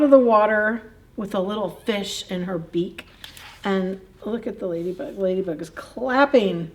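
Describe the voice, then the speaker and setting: A woman's voice: mid-range voice, a little slow, darkish tone, a little hiss or hum. A woman librarian reading a picture book aloud at a children's story time, in a playful, chatty way, chuckling and asking the kids questions.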